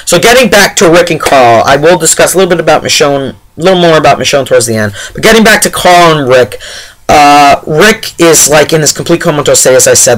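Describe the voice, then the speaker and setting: A man's voice: a little high, fairly bright tone, rough recording. A man giving a casual, rambling spoiler review of a TV episode, full of fillers and exasperated asides.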